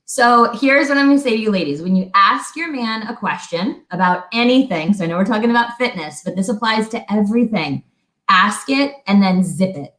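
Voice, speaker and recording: A woman co-hosting a fitness talk, giving chatty, animated relationship advice and acting out little quotes. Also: medium pitch, fairly quick. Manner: chatty, animated, laughs often, acts out quotes. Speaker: fitness coach co-host. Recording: echoey room.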